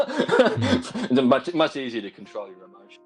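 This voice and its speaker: A man's voice: medium pitch, huge pitch swings, measured pace, slightly rough, faint music behind, low-quality recording. A man calling in and telling a long story, often repeating words and giving wry laughs. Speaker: caller. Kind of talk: casual storytelling on a call.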